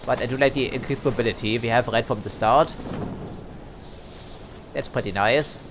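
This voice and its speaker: A man's voice: medium pitch, moderate pace, background noise. A man giving casual let's play commentary, chatty, hedging and dryly critical as he plays.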